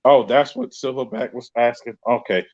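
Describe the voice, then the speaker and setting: A man's voice: medium pitch, moderate pace. A man with a New York accent hosting a live podcast, chatting casually and joking while reading out viewer comments. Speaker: podcast host. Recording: dull lo-fi sound.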